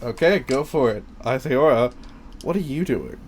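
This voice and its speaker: A man's voice: mid-range voice, lively intonation, normal speed, darkish tone, slight background noise. A man narrating a tabletop game as game master, casual, laughing and swearing freely.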